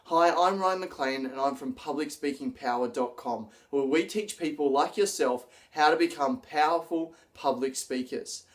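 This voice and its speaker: A man coaching public speaking straight to camera, energetic, acting out gestures as he explains them. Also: fairly high pitch, normal speed, few pauses. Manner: energetic, demonstrates gestures while talking. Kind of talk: direct-to-camera teaching video.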